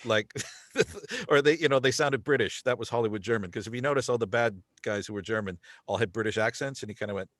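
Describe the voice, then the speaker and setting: An American man chats as a podcast guest, animated and given to playful accent bits. His voice sits at a middling pitch. The recording is dry and close. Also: fast, dry recording. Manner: animated, laughs often, slips into playful accents. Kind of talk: casual chat. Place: lives in the UK.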